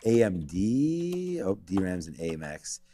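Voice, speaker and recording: A man's voice: low-pitched, sing-song, unhurried, mellow. A man co-hosting a live stock market show, rambling and thinking aloud as he checks stock charts. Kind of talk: live trading commentary.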